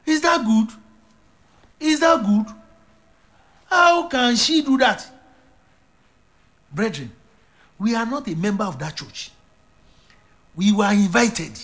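A man's voice: sits high, fairly bright tone. A man preaching a sermon as an evangelist, emphatic and repetitive, with stammered restarts.

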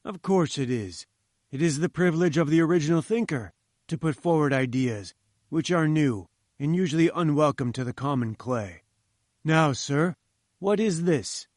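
A man's voice: a little high, expressive, moderate pace, darkish tone, dry recording, studio quality, close to an everyday voice. A man reading an audiobook, voicing a pompous older professor who talks down to his listener. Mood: patronizing. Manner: condescending, lecturing.

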